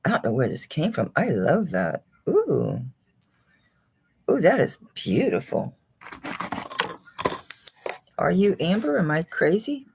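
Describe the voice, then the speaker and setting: A woman's voice: fairly low pitch, very animated, slow pace, vocal fry, long pauses, a little mellow, breathy edge. A woman hosting a live jewelry auction stream, chatting casually, chuckling and talking to the pieces she holds.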